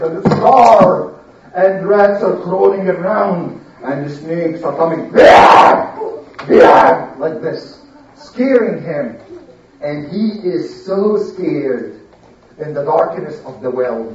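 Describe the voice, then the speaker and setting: An adult telling a religious story to a child, slowly, asking the listener questions along the way, recorded far from the mic in an echoey room. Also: mid-range voice, lo-fi sound, noisy background. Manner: slow, lively, questioning the listener.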